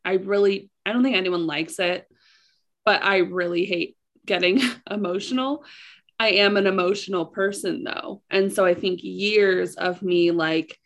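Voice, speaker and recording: Chatty woman with a gravelly fry. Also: mid-range voice, steady tone, unhurried. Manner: candid, filler-heavy, chatty. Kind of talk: casual chat.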